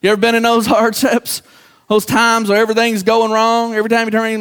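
A man's voice: very high voice, completely flat delivery, quick pace, a bit bright, clean tone, big-room sound. A middle-aged man, a pastor preaching a sermon, who acts out the voices of the people he quotes.

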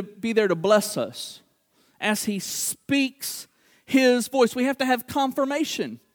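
A middle-aged man with a very high voice delivers a sermon, animatedly acting out short dialogues and repeating words for emphasis.

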